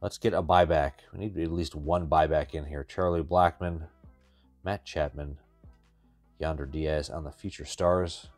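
A deep-voiced man talks his way through opening packs of cards in a loose, wry running commentary, half to himself and half to his viewers. Faint music sits underneath his voice. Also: steady tone, a little slow, darkish tone. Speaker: card-breaking channel host. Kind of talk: casual pack-opening commentary.

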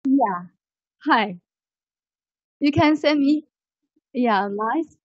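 A woman teaching an online English lesson, praising her students warmly and guiding them patiently. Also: high-pitched, lively intonation, slightly rough, dry recording. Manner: lavish praise, slow and patient. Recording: muffled online call audio.

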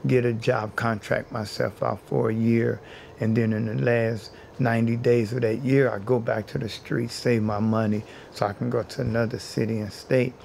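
Creaky-voiced man telling his story. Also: mid-range voice, level tone, normal speed, a little mellow, slight background noise. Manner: earnest, builds points by repeating phrases. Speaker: interview guest, housing activist. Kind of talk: personal storytelling in an interview.

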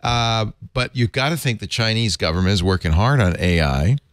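A man's voice: fairly low pitch, normal speed, no echo, studio quality. A man hosting a casual tech panel show, reading news items aloud and joking with his co-hosts. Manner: animated, jokey, reads headlines aloud. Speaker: host.

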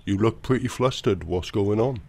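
A man making prank phone calls, speaking in a calm, mock-concerned way and repeating the same questions to needle the person on the line. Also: lowish voice, normal speed, gravelly. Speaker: prank caller.

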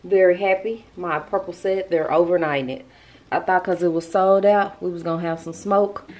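A woman's voice: lowish voice, steady tone, moderate pace, a little mellow, a little hiss or hum. A woman, chatting bluntly and casually to her viewers in a vlog, with laughing asides. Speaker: vlogger.

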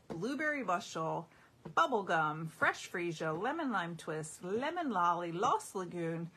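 A woman's voice: mid-range voice, fairly bright tone, slightly rough. A middle-aged woman hosting a casual live craft showcase, gushing enthusiastically over her products. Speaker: craft demonstrator.

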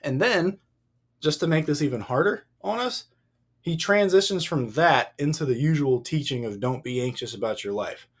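A man co-hosting a casual Bible discussion podcast, emphatic and animated, acting out the dialogue as he talks. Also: fairly high pitch, moderate pace, breathy edge. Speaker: podcast co-host.

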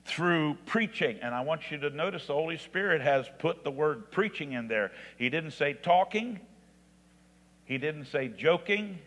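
A man, an assistant pastor, teaching a Bible class in an informal, halting way. He restarts his sentences often and grows louder and higher when he stresses scripture. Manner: halting, with frequent restarts and fillers. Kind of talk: informal classroom lecture on preaching. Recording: long reverb of a large hall.

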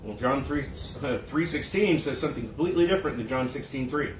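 Echoey pastor preaching in a casual tone. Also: male voice, medium pitch, expressive, quick pace, slight background noise. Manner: conversational preaching, acts out quoted voices. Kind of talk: sermon. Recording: echoey room, mic at a distance.

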